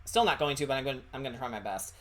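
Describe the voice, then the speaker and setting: Bright, lively streamer voice. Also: mid-range voice, racing. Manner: rambling, hesitant, with frequent fillers and laughs. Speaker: streamer and artist. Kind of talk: casual livestream chat while drawing.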